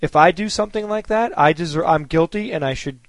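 A man with a high voice argues bluntly and insistently on a podcast panel. He talks in a casual way and keeps pressing his point. The sound is dry and close. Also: a little fast, gravelly, dry recording. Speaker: podcast co-host.

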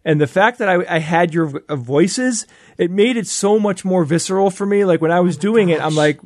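A man with a slightly high voice chats eagerly on a podcast panel, often restarting his sentences as he explains. The recording is dry and close, with no room sound. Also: normal speed, a little mellow, dry recording. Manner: enthusiastic, explanatory, frequent restarts. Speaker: podcast co-host. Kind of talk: casual panel chat.

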